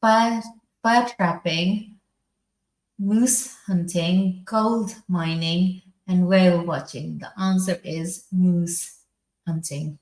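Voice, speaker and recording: A British woman from the United Kingdom vlogging a spicy food challenge, reading trivia aloud in a slow, halting way. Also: on the low side, fairly even intonation, a little mellow. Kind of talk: casual vlog talk, reading trivia aloud. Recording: echoey room.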